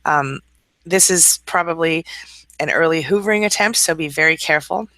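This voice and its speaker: Her voice sits low, bright and forceful, moving at a moderate pace in a recording without echo. This adult woman, who has school-age children, hosts a casual live-stream hangout, calling out viewers by name and reading their comments, and notes she's slightly tired this morning.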